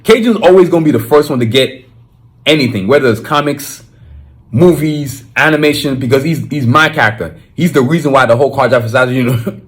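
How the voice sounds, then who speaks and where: A man's voice: mid-range voice, brisk. A man with a Nigerian accent talks alone as a podcast host. He speaks with emphasis and drive in a mid-range voice, often breaking off and restarting his sentences. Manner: emphatic and fired-up, with frequent restarts. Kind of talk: solo podcast monologue.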